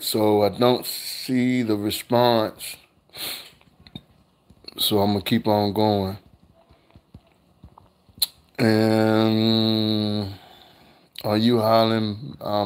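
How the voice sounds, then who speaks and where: A man's voice: lowish voice, a little mellow, clean tone. An older man hosting a casual live cooking stream, chatting with viewers and reading their comments aloud in a laid-back, slangy way. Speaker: cooking channel host.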